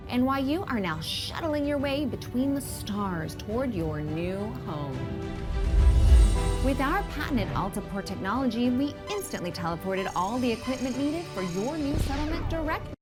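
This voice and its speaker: A corporate vice president, glossy sales-pitch energy, lively voice, loud music behind. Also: female voice. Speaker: corporate VP in a welcome video. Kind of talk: video game voice acting, promo pitch.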